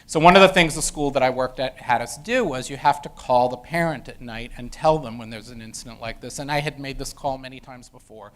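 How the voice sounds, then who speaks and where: A middle-aged man of mid pitch tells a story from his classroom days in a lecture room. His talk is loose and conversational, full of "um"s, restarts and asides. It sounds like a professor speaking to an audience. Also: a little fast, few pauses, fairly bright tone. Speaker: education professor.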